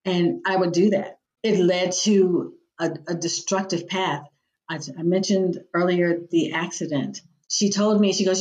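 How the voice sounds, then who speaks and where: A woman with a fairly low speaking voice shares personal faith experiences as a podcast guest. She tells her stories vividly and acts out what other people said. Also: steady tone, a little slow, darkish tone. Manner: vivid storyteller who acts out quoted voices. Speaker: guest, executive director of a nonprofit.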